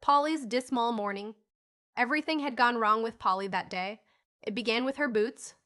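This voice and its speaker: A woman narrating an audiobook in a bright, forward voice that sits a little high. Her reading is expressive and clear. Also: normal speed. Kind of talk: scripted narration.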